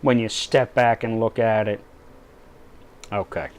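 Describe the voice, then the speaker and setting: A man's voice: fairly low pitch, fairly even intonation, unhurried, long pauses. A man giving crude, satirical political commentary in a rambling way, asking "right?" again and again. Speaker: political blogger.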